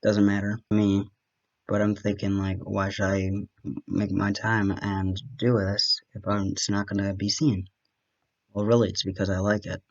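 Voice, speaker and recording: A man's voice: lowish voice, little pitch movement, normal speed, highs cut off. A young man from Wisconsin with a light Wisconsin accent, rambling chattily and self-deprecatingly in a solo monologue, bantering with himself. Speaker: podcast host.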